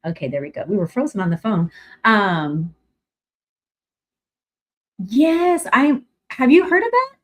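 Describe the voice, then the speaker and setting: A middle-aged woman from California hosting a casual livestream chat. She rambles through her talk with plenty of fillers and restarts and turns bright and effusive when she greets viewers. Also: on the high side, very animated, measured pace, long pauses. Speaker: livestream host.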